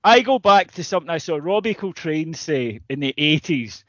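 A man's voice: fairly high pitch, expressive, normal speed, no echo, highs cut off. A man, co-hosting a podcast, telling stories and ranting in casual, sweary chat. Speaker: podcast co-host.

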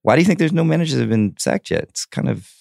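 A man's voice: medium pitch, very animated, very fast, gravelly, darkish tone, no room sound, clean studio sound. A young man co-hosting a sports podcast, chatting casually and swearing now and then. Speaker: podcast co-host.

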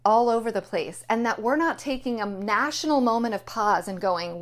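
A woman's voice: a little high, animated, normal speed. A woman giving an indignant, emphatic political opinion monologue, repeating her key phrases. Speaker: political commentator.

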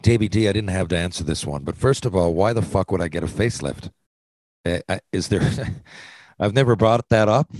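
A man's voice: low voice, normal speed, darkish tone, no room sound. A man, chatting casually and answering listener questions, rambling with lots of restarts and blunt swearing. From Newfoundland, Canada. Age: 40s. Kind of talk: casual chat.

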